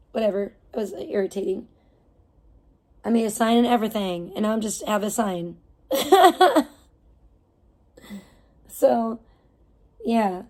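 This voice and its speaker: A woman's voice: medium pitch, warm tone. A woman live streamer in a casual, heated rant, swearing often and rambling with restarts. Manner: profane, heated ranting.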